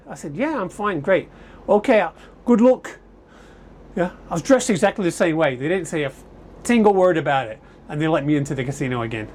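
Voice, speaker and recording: Brief: rambling man telling stories to camera, slightly raised pitch, faint air conditioner hum behind. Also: a little mellow. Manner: rambling, chatty, self-correcting. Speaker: vlogger. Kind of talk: casual storytelling to camera. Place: home in summer, indoors. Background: air conditioner humming.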